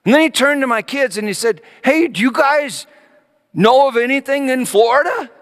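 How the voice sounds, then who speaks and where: A man's voice: very high-pitched, normal speed, a bit bright, big-room sound. A middle-aged male pastor preaching a sermon as a story, acting out his children's voices.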